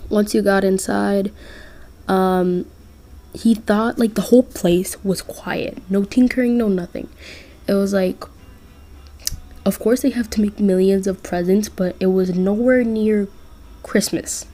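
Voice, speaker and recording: Woman, casual fan story narrator, slow, giggly and rambling. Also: mid-range voice, steady tone, warm tone.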